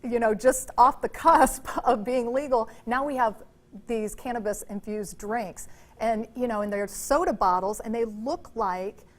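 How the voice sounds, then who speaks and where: Woman co-host, higher voice, reads the story then rambles on w/ fillers. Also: measured pace. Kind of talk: reading news items then chatting.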